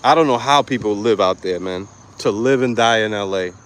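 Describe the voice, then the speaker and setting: A man ranting to camera in a profane, mocking vlog, angry and loud. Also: lowish voice, fairly quick. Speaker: vlogger. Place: lives in Florida.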